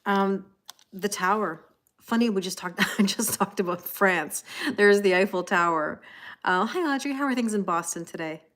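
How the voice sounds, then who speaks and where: Woman, 40s, mid-pitched, chatty live tarot reader who laughs easily and talks straight to her viewers. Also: moderate pace, fairly bright tone. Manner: chatty, greets viewers by name, laughs often. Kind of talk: casual live-stream card reading.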